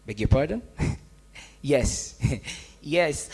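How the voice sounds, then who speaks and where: A young man from Uganda with a Ugandan accent, performing spoken word poetry with slow, dramatic delivery. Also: medium pitch, expressive, a little mellow, husky. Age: young adult. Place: hotel event hall.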